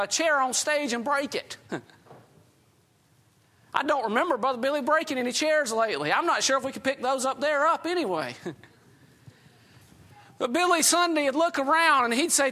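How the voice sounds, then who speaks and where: A man's voice: very high-pitched, pushed and bright. A man preaching a sermon in a folksy storytelling way, often chuckling as he talks.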